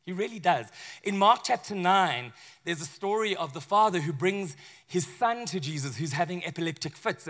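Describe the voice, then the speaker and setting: A male pastor delivers a sermon with a high, bright voice. He talks to the congregation conversationally and animatedly, often acting out the people in his story. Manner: conversational and animated, with acted asides.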